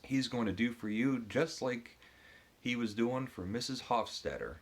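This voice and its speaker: A man's voice: mid-range voice, measured pace, voice pushed up. A man reading the lines of a boastful, endlessly chatty male butler who talks about himself in the third person.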